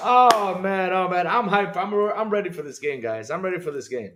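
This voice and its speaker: Excitedly streaming a game live, this male host reads the chat aloud, says things more than once, and laughs frequently. His voice is high, and there's noise in the background.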